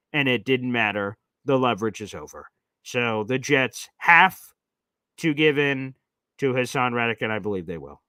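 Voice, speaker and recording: A man's voice: medium pitch, pushed and bright, clean tone, no echo, clean studio sound. A man hosting a live sports talk stream, speaking emphatically and reading out viewer comments. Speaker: sports show host.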